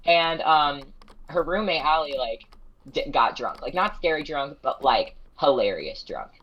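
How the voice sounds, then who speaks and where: A woman's voice: low voice, expressive, measured pace, dull audio. A young woman on a live stream chatting casually, telling a long story in a rambling way, breaking off her own sentences and often laughing. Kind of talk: casual chat.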